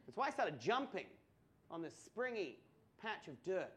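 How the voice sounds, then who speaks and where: An Australian man doing stand-up storytelling, swearing, stammering through restarts and building to loud punchlines. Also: high voice, very animated, normal speed. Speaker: stand-up comedian. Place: comedy club stage before a laughing audience.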